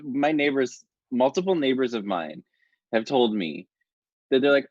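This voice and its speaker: Lively man on a dull dry line. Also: medium pitch, moderate pace, no echo. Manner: chatty, laughs often. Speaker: podcast co-host. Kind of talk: casual chat.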